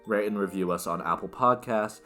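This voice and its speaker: A man's voice: fairly low pitch, a little fast, sharp tone, faint music behind. A young man co-hosting a podcast in casual chat, easygoing, wrapping up with the usual sign-off plugs. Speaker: podcast co-host.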